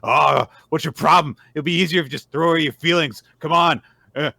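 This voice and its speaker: A man voicing a creepy tapir demon that coos and then turns loud and menacing. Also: on the high side, fairly even intonation, fairly quick, gravelly, no room sound, voice pushed up, heavily acted.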